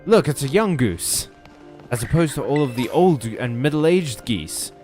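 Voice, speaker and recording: A man's voice: medium pitch, big pitch swings, measured pace, darkish tone, soft background music. A man giving joking commentary over a video game playthrough, full of sarcastic asides. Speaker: let's play host.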